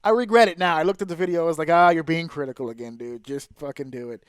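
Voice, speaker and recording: A man hosting a podcast, excitable, swearing freely and laughing often. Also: on the high side, quick pace, clean tone, no room sound, clean studio sound. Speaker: podcast host. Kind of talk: casual chat.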